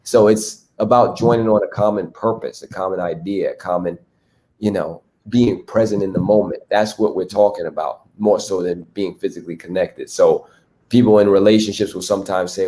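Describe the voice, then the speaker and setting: A man's voice: low-pitched, steady tone, moderate pace, dark tone. A man hosting a relationship talk on a video call, explaining abuse to a group with many rhetorical questions. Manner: teaching, asks rhetorical questions.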